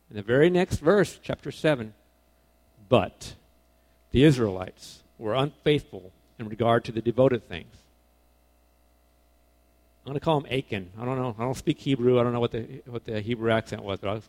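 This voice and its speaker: A man preaching a casual sermon to young people, animated, swinging between loud emphasis and quiet asides, often correcting himself. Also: medium pitch. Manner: casual, self-correcting, informal phrasing.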